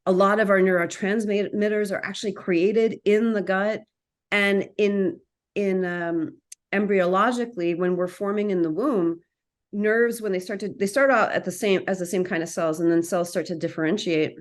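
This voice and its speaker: A woman in a relaxed conversation, telling a story with lively tangents and quick self-corrections. Her voice sits at a middle pitch. She comes through a video call. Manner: chatty, animated, sidetracks and restarts. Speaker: guest, massage therapist and actor. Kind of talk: casual storytelling chat.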